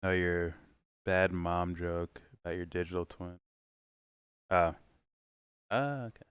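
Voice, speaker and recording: A man's voice: sits low, takes it slowly, smooth, no room sound. A man hosting a casual livestream, reacting and chatting in a rambling, giggly, profane way. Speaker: livestream host.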